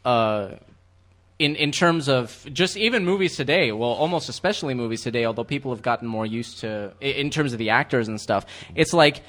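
A man's voice: medium pitch, lively intonation, a little fast, a bit bright. A man co-hosting a movie commentary podcast, telling rambling anecdotes with many restarts. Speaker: podcast co-host. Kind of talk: casual movie commentary chat.

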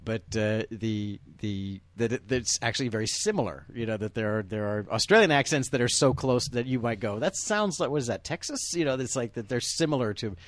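A man's voice: lowish voice, fairly quick, hardly any pauses, no room sound. A man hosting a casual movie discussion, rambling with many restarts and chuckles.

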